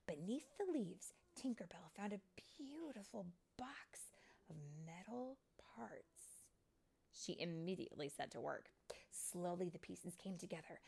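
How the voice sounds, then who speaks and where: A mother reading a picture book aloud to her child, slow and expressive, often sinking to a whisper. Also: mid-range voice, creaky, slightly rough.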